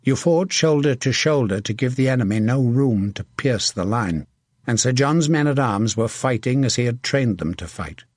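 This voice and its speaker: A man reading a historical battle story as a steady, vivid audiobook narrator. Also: medium pitch, moderate pace, husky, no echo, clean studio sound.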